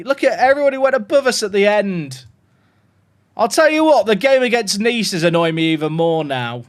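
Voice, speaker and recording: A man's voice: sits high, expressive, fairly quick. A man livestreaming a football management game, talking to his chat in a despairing, dramatic way and swearing. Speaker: streamer. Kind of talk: casual livestream gaming commentary.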